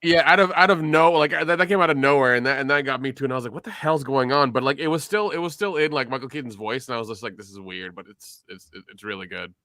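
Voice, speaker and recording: A man in a casual film review chat, easygoing and quick to joke. His voice is mid-pitched, bright and forward, with a smooth, clear tone. The recording is close and dry. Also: no echo. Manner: easygoing, agreeable, joking. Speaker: podcast co-host.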